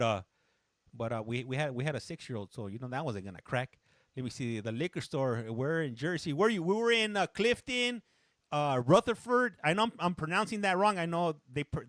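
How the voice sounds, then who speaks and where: A man's voice: a little high, fairly bright tone, dry recording, studio quality. A man hosting a casual live stream, telling a story in a chatty, rambling way while stopping to greet and answer viewers in chat, now and then slipping into a little Spanish. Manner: chatty storyteller, stops often to read comments; slips briefly into Spanish. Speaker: livestream host reading viewer chat.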